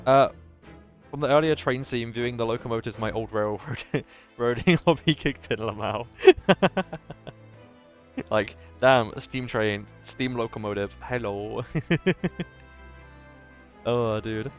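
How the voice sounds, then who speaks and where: A man's voice: mid-range voice, takes it slowly, pauses often, faint music behind. Chatty male game streamer. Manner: chatty, laughs often, many fillers. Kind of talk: casual gaming commentary.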